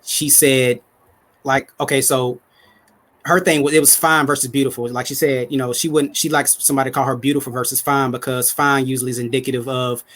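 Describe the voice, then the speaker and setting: A man with a mid-pitched voice speaks as a panelist in a casual podcast chat. He talks in a laid-back, slangy way, using a lot of conversational fillers. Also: flat delivery, a little fast, a bit bright. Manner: laid-back, slangy, many "you know what I'm saying" fillers.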